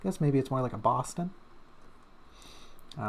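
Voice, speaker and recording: Rambling streamer with a gravelly voice. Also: medium pitch, lively intonation, moderate pace, pauses often. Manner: rambling and self-mocking, with many fillers and little hums. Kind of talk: casual rambling stream chat while drawing. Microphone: desk streaming mic.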